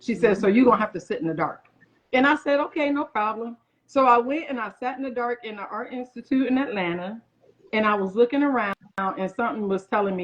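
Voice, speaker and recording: Guest chef, woman, 40s, high-ish voice; lively storyteller who voices the people she quotes; muffled recording. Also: fairly quick. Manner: animated, acts out others' lines in quoted voices. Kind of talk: casual interview storytelling. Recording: muffled lo-fi audio.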